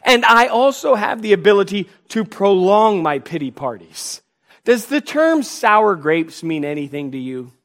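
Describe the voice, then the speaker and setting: High-voiced man preaching a sermon. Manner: preaching with rhetorical questions and mock dialogue; pace and loudness swing widely between phrases. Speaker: pastor.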